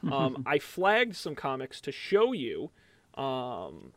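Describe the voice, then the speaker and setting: A podcast host with a mid-range, fairly bright voice and huge pitch swings takes his time, recorded with no echo. Wrapping up casual chat, he gives an upbeat, chatty recommendation packed with fillers and restarts.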